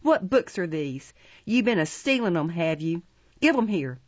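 A woman's voice: fairly low pitch, sing-song, moderate pace, no echo, muffled recording. A woman voicing a brutal, coarse man who drags off a boy and orders his dog about. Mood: bullying. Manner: gruff, bullying, coarse.

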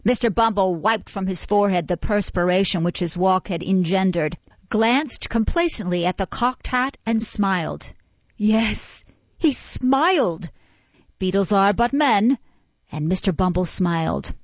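A woman narrating a classic novel in a measured, dryly ironic storytelling manner. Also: mid-range voice, dry recording, muffled recording. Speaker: audiobook narrator. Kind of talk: classic novel read aloud.

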